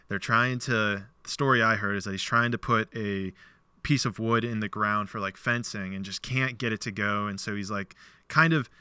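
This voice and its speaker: A man's voice: on the low side, smooth, no echo. A man hosting a podcast, casually retelling a parable and acting out its dialogue in a loose, filler-heavy way. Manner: animated storyteller, acts out quoted dialogue; loose speech with many "like" fillers. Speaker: podcast host.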